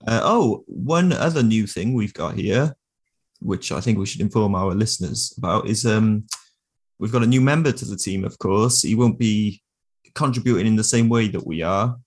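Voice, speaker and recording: A man co-hosting a comedy podcast with dry, deadpan banter. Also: on the low side, normal speed, breathy edge. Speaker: podcast co-host.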